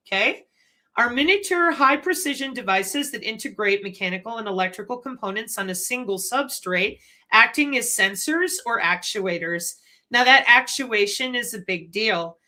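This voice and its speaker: A woman hosts her own channel and lectures in an animated, conspiratorial way, throwing in rhetorical questions. Her voice is bright and sits a little high. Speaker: channel host. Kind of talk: commentary.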